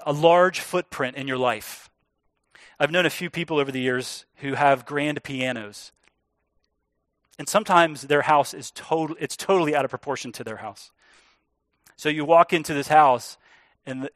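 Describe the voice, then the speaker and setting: A man preaching a sermon as pastor, earnest and emphatic, slowing down to stress key words. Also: on the high side, fairly bright tone, no room sound, studio quality.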